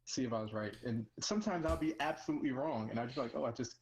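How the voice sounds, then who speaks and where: A man chatting as a stream guest in a soft, easygoing way. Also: medium pitch, racing, rough recording. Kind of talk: casual chat.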